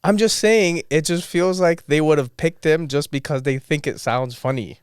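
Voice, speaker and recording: Laid-back young man, smooth voice. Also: on the high side, normal speed, dry recording, studio quality. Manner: laid-back, slangy, laughs often. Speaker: podcast host. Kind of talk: casual chat.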